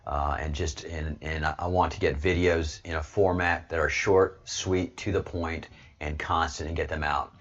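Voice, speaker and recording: Low-voiced man ranting emphatically. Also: little pitch movement, normal speed, lo-fi sound. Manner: emphatic, repeats words while pushing a point. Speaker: host of an online video show. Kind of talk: heated political commentary.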